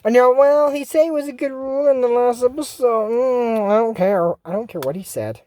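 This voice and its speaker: A vlogger casually recapping a cartoon episode in a chatty, excitable way, full of fillers and restarts. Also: mid-range voice, a little fast. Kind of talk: casual rambling recap commentary.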